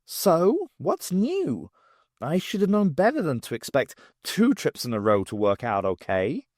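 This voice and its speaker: A spirited young woman with a wry, teasing edge, as a male audiobook reader puts her on, her questions lifting high and swinging lively. The reading is close and dry, with no room around it. She sounds plucky and quick to needle. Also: no echo, heavily acted. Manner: quizzical, teasing questions in a raised voice. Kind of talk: audiobook character voice.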